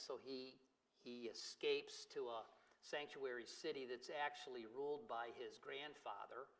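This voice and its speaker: A man teaching a Bible survey class as pastor, retelling stories in a conversational, animated way with ad-libbed dialogue. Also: fairly high pitch, rough recording. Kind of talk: sermon.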